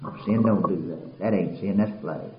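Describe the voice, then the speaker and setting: A man preaching a sermon, swinging between loud impassioned passages and quiet somber ones. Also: deep voice, moderate pace, noisy background. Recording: roomy, dull lo-fi recording.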